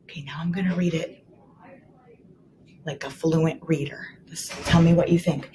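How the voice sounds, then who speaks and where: A woman teacher modeling writing for young children, slowly and clearly sounding out each word and leading the class to repeat. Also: on the low side, very animated, a little hiss or hum. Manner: slow, exaggerated sounding out of words.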